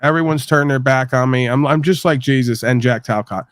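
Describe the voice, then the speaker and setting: A man's voice: mid-range voice, fairly quick, no room sound, clean studio sound. A man from New York hosting a podcast, talking in a crude, rambling, profane rant and venting. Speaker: podcast host. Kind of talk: profane ranting monologue.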